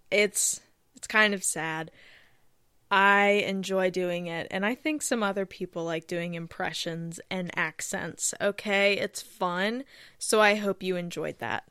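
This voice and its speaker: A woman's voice: medium pitch, a bit bright, clear, resonant tone, no room sound. Solo podcast host, woman, rambling and self-mocking, mid-range voice, dry close-mic sound. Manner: rambling, chatty, self-deprecating. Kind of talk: casual solo podcast chat. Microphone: close studio microphone.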